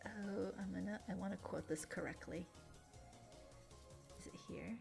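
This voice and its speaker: A young adult woman streamer chatting casually, emotional and quick to laugh. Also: mid-range voice, fairly even intonation, vocal fry. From Latin America. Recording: faint music behind.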